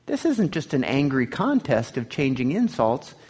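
A man teaching a sermon, reading scripture aloud with swelling emphasis and dropping low for asides. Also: big pitch swings, moderate pace, a little mellow, breathy edge. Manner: rises in pitch and volume on quoted scripture, drops low on asides. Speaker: pastor teaching a Bible study.

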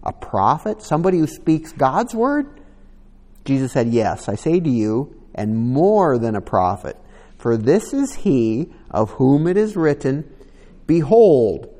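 A man's voice: mid-range voice, dark tone. A man preaching a sermon, reading scripture aloud and breaking in with casual asides. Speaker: pastor. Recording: long hall reverb.

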